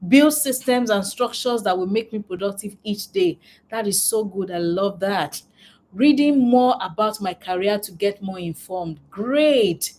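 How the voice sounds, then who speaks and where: A woman's voice: mid-range voice, animated, unhurried, darkish tone. Woman coach on a live online class, reading chat replies, really upbeat and encouraging, says brilliant and i love it over and over. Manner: upbeat and encouraging, repeats praise words.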